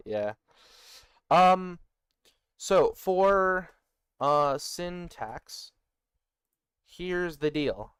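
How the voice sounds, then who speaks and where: Smooth-voiced man thinking aloud. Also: high-pitched, expressive, extremely slow, pauses often, no room sound. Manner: muttering, self-deprecating, reads notes aloud in bursts. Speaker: worldbuilder designing a conlang. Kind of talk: thinking aloud while working on screen.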